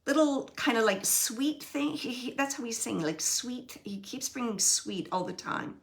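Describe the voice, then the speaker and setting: A woman working as a medium, relaying a spirit's messages in soft, halting phrases that often drop to a whisper. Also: fairly high pitch, lively intonation, vocal fry. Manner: repeats phrases and pauses searching for words. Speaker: psychic medium. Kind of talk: channeling a spirit reading.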